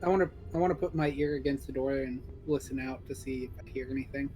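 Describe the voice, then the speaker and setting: A man's voice: medium pitch, fast talker, dark tone, faint music behind, poor audio. Eager man playing a tabletop game. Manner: casual, eager, announces actions. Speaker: player. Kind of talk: casual tabletop play.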